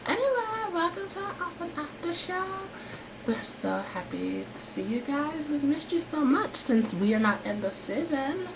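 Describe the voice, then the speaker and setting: A woman's voice: high-pitched, sing-song, moderate pace, voice pushed up. A woman voicing a bubbly, self-centered female flower creature who hosts a show, gushing and boastful, in a noisy home recording. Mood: perky. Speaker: show host.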